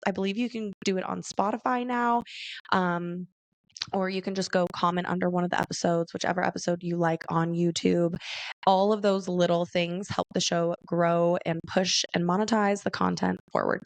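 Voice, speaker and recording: A young woman hosting her own podcast from her bedroom on a handheld mic, chatty, bubbly and profane, rushing her words in casual solo talk. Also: lowish voice, gravelly, no room sound. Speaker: podcast host. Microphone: handheld microphone.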